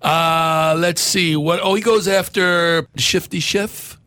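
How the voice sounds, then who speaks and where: A man's voice: fairly high pitch, steady tone, slow, sharp tone, clean tone, no room sound, studio quality. A man hosting a talk show, chatting with sarcastic, mocking humor and frequent laughs. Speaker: radio host. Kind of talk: casual chat commentary.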